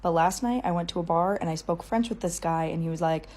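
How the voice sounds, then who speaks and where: A woman's voice: fairly low pitch, fast, darkish tone. An American woman telling a chatty storytime vlog and acting out both sides of the exchange. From United States.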